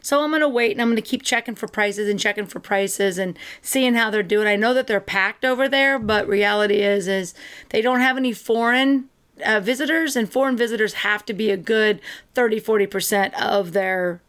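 A woman's voice: mid-range voice, moderate pace, fairly bright tone, smooth. A woman co-hosting a casual chat, talking in an enthusiastic, rambling way with many fillers. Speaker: co-host.

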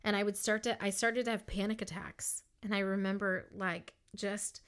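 A woman's voice: mid-range voice, steady tone, moderate pace, clear, resonant tone. Earnest woman sharing a heartfelt testimony. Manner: earnest, heartfelt, many fillers like "um" and "like". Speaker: Christian speaker sharing a personal testimony. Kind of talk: personal testimony, casual and earnest.

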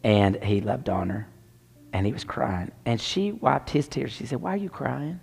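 Male preacher, gravelly voice, swings from loud to hushed, long reverb of a church sanctuary. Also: on the low side, animated, a little slow. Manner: dramatic storytelling, drops to near whispers. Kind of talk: sermon with personal story.

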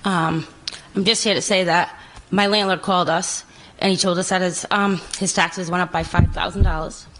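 A woman's voice: fairly low pitch, steady tone, normal speed, fairly bright tone, rough recording. Indignant woman tenant at the council. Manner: plain, indignant. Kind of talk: public comment at a city council meeting.

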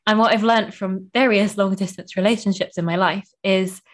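A young woman talks warmly and excitedly on her podcast, her speech full of "like" and quick restarts. Her voice sits at a middle pitch, and she sounds emotional and chatty. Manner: gushing, emotional, heavy use of "like". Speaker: podcast host. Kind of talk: casual chat.

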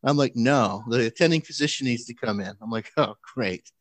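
A man's voice: medium pitch, a little fast, no room sound. A man telling a funny story in casual chat, acting out the people in it and laughing as he goes. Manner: animated, acts out quoted voices with laughs.

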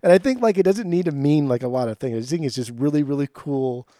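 A man co-hosting a casual music podcast, animated and jokey, cursing freely. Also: a little high, fast talker, no echo. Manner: animated, jokey, swears often. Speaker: podcast co-host.

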